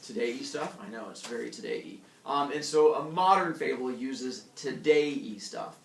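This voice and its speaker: A young man teaching a class tells playful stories during his lecture, cracking jokes and voicing animal characters in funny ways. He speaks a little slowly in a gravelly, medium-pitched voice, captured from a distance in an echoey classroom with slight background noise.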